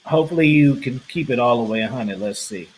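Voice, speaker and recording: A man's voice: mid-range voice, quick pace, rough recording. A man hosting a casual podcast, playful and teasing as he reads a listener question. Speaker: podcast host.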